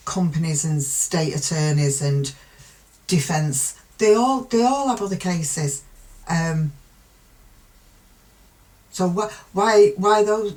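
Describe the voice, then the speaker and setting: A British woman from the UK, middle-aged, talks over a case in a low, earthy voice. She is blunt and opinionated, wanders off with fillers and pauses, then swings back to her point. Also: darkish tone, low-quality recording. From United Kingdom. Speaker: true crime commentator. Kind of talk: casual spoken commentary.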